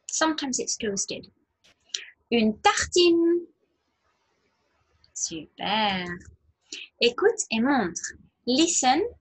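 A woman teacher giving a slow nursery language lesson, modelling words in a sing-song way for small children to repeat. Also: a little high, a bit bright, slightly rough. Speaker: French teacher.

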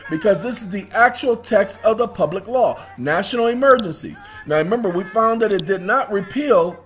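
A man's voice: sits high, animated, normal speed, faint music behind. A man hosting his own video, rambling casually through documents on his screen, addressing viewers as y'all and breaking into bits of song. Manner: rambling, talks to viewers as y'all, sings snatches of songs. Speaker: video host. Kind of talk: casual screen-share commentary.

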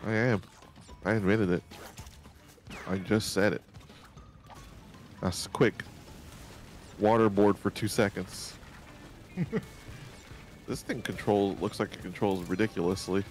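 A man's voice: lowish voice, steady tone, takes it slowly, pauses often, a little hiss or hum. A man chatting casually while playing a video game, joking, laughing often and swearing freely. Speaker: let's play co-host. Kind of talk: casual gaming chat.

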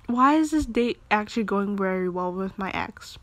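A woman casually reacting and commenting, with expressive exclamations, while she plays a story game. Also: medium pitch, normal speed, no room sound. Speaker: story game player and narrator.

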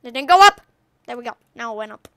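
A woman calling out her own video game play, with a high, bright voice that keeps breaking into loud, gleeful yelps and playful trash talk. The sound is close and dry, with no room around it. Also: expressive, quick pace, no echo. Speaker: gaming YouTuber. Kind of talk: excited gaming commentary.

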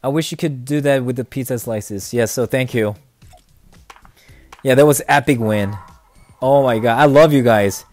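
A young man streaming a video game, chatting casually and excitably, often laughing and mumbling then cheering loudly. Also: mid-range voice, normal speed, pauses often. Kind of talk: casual live gameplay commentary.

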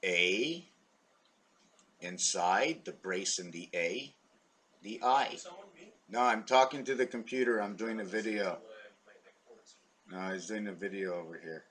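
A middle-aged man, rambling excitedly to his camera and thinking aloud with many questions. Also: fairly low pitch, measured pace, long pauses, slightly rough. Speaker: vlogger.

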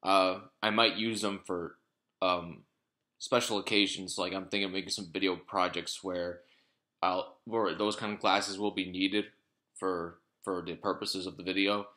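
A man's voice: low voice, steady tone, measured pace, bright, forceful tone. A man talking casually to his vlog audience in a rambling way, with lots of fillers, restarts and swearing. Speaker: vlogger.

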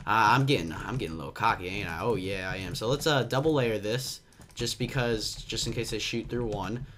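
A young man giving excitable, jumpy commentary on a game, with a slight cough and frequent yelps and laughs. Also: lowish voice, brisk, slight background noise. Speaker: gaming commentator. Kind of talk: casual Minecraft gameplay commentary.

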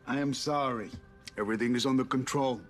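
A man's voice: mid-range voice, a little fast, faint music behind, close to an everyday voice. A man playing a brash, swaggering debt collector. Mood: indignant. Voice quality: swaggering, theatrical, swearing. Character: brash male debt collector, pushy and theatrical. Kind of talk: film drama dialogue.

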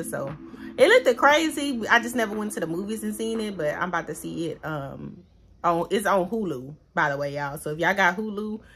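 A woman's voice: fairly low pitch, fairly bright tone, slightly rough. A woman vlogger talking straight to her viewers in a casual, heartfelt way, chatty and calling them y'all. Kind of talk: casual vlog talk to viewers.

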